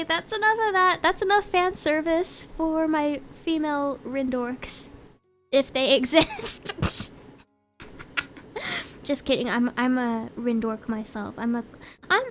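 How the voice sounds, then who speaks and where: Giggly high-voiced young woman streamer. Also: fairly bright tone. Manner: giggly, self-teasing, restarts often. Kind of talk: casual Q&A chat.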